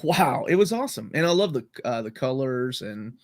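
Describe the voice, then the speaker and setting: A man's voice: medium pitch, sing-song, moderate pace, no room sound. Upbeat man rambling about comics, dry sound. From Latin America. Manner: enthusiastic, rambling, filler-heavy. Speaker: podcast host. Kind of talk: casual comic-book chat.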